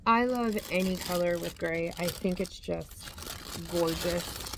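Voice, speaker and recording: A woman's voice: fairly low pitch, measured pace, noisy background. A woman hosting a yarn vlog, chatting casually as she reads out yarn labels and corrects herself as she goes. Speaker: yarn channel host. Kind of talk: casual show-and-tell vlog.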